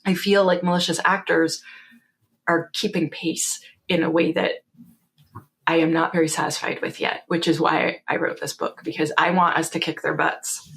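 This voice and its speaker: A woman with a Canadian accent, speaking in a fairly low register. She is in her forties and chats as an interview guest, animated and quick to laugh, often slipping into dry quotes of what she told people. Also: vocal fry. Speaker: guest, security author. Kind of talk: casual interview storytelling.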